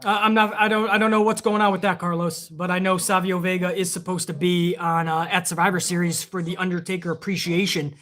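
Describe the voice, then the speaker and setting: A man's voice: high voice, flat delivery, brisk, few pauses, sharp tone. A man hosting a live wrestling stream, chatting casually and rambling with plenty of swearing while reading viewer donations aloud.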